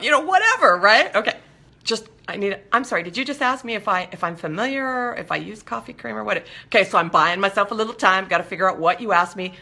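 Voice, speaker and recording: A woman hosting a talk show, her voice bright and forward, with a wide, lively swing in pitch. She talks in a chatty way and acts out quoted exchanges. She keeps asking her listeners whether they follow. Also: a little fast. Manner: animated, acts out little dialogues in quotes; conversational, checks in with listeners. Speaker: host. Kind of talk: talk show monologue on recovery.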